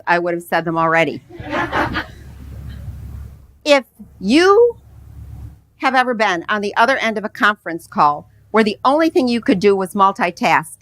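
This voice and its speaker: A woman's voice: mid-range voice, fairly bright tone, dry recording. A middle-aged woman presenting a live workshop on public speaking, teaching conversationally and asking the audience rhetorical questions. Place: conference room with a live audience.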